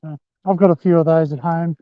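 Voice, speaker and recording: The voice is on the high side, smooth and steady, moving at a quick pace. It belongs to a man walking outdoors on a rural rail trail, rambling to livestream viewers he calls "guys" through his handheld phone. The recording is dry with a thin, phone-like sound.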